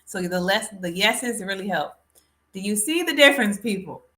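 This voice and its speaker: A woman's voice: mid-range voice, animated, normal speed, fairly bright tone. A woman hosting a casual live stream, talking straight to her viewers and calling them folks. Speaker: livestream host.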